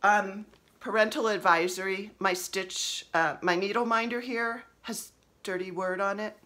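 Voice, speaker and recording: In her 50s and from New Jersey, this woman gives a casual show-and-tell of her cross-stitch projects at home, rambling and often laughing. Her medium-pitched voice is steady, unhurried, bright and forceful.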